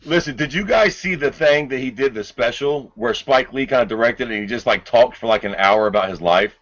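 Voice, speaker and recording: A man co-hosting a podcast, chatting loosely with lots of swearing and animated retold stories. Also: medium pitch, a little fast. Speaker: podcast co-host. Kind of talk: casual profane chat. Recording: dull lo-fi podcast audio.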